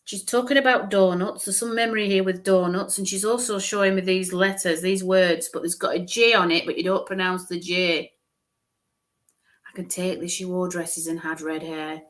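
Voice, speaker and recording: A woman's voice: lowish voice, fairly even intonation, moderate pace, fairly bright tone. A woman medium giving a live-streamed psychic reading, musing aloud, hesitant, repeating sounds and letters.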